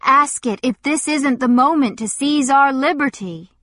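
A defiant young man from an audiobook presses his point with insistent force, as a woman reader puts him on. The voice sits fairly high and the words come slowly and deliberately. The recording is close and dry. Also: a bit bright, no room sound. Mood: challenging. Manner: challenging, insistent. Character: brash hawk-faced young man, defiant and impatient.

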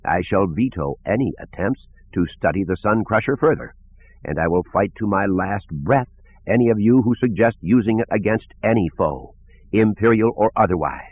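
A tired but unbending woman head of state, read by a man in a storybook, with a quavering, measured delivery. Husky voice, thin phone-like audio. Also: lowish voice, expressive, dry recording. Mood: stern, resolute. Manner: quavering, firm, deliberate.

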